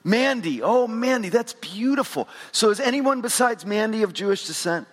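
A man's voice: sits high, animated, moderate pace. A man preaching a sermon as pastor, engaging his congregation directly with questions. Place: church sanctuary with congregation. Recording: long reverb of a large hall.

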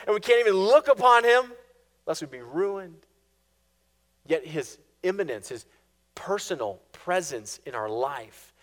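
A male pastor preaching a sermon in an animated, storytelling way with touches of sarcastic humor. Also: high-pitched.

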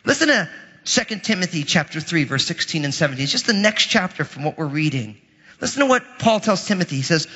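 A man preaching a sermon in an animated, conversational way, with dramatic asides. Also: on the high side, fast talker, breathy edge, long reverb tail, lo-fi sound. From Italian heritage. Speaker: pastor.

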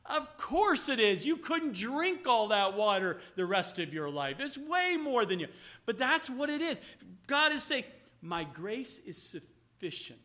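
Man preaching, high bright voice, very lively pitch, loud then hushed, drawn-out key words. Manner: swings from loud emphatic to hushed and low; acts out quoted voices, slows on key words. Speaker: pastor. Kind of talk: sermon.

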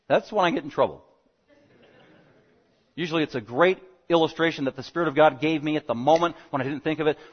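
A man preaching an expository sermon, animated and fast-talking, swinging between loud emphasis and quiet asides. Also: a little high. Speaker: pastor. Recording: dull lo-fi sound.

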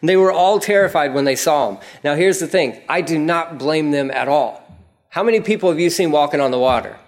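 A man preaching a casual, conversational sermon, telling the story vividly and acting out prayers in a raised voice. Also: fairly quick. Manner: animated storytelling, acts out prayers in a raised pitch. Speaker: pastor.

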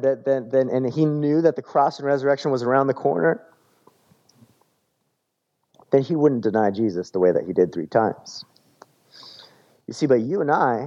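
A man preaching a sermon in a relaxed, conversational way, often repeating words as he searches for the phrase. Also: mid-range voice, muffled recording. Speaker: pastor.

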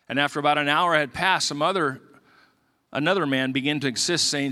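A man preaching a sermon as pastor, reading scripture and telling stories in a conversational way, sometimes dropping low and quiet. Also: fast talker. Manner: conversational, drops low and quiet for emotional parts. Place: church sanctuary.

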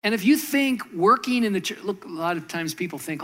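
A man's voice: high voice, a little fast, hardly any pauses. Conversational male pastor telling a story. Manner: storytelling, conversational, with lively voiced quotes. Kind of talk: sermon.

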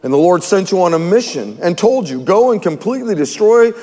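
A man's voice: high voice, very animated, fairly quick, mellow. A man voicing a stern elderly prophet who confronts a king with grave, demanding questions. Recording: long reverb in a hall.

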